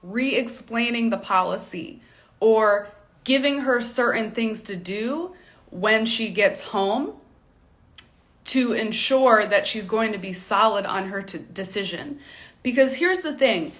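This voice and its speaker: Bright, chatty woman stylist. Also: mid-range voice, unhurried. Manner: chatty and candid, with frequent laughs and "like" fillers. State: fighting a tickle in the throat, coughing. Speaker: fashion stylist and coach. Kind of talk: casual livestream teaching.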